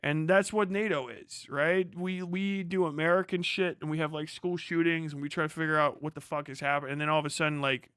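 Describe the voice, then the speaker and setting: A man hosts a livestream and rants in a profane, sarcastic ramble. His voice sits a touch higher than most men's. It sounds dry and close, with no room around it. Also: steady tone, brisk, hardly any pauses, a bit bright, smooth, no room sound. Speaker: livestream host. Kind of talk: casual stream rant.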